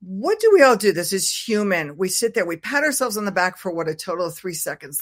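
A woman speaking as a guest author on a video call, telling lively stories and acting out her own inner voice. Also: medium pitch, brisk. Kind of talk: conversational interview.

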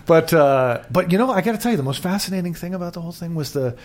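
A man's voice: fairly high pitch, expressive, fast talker. An older man co-hosting a talk show in casual chat, rambling and self-deprecating, with many restarts. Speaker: co-host.

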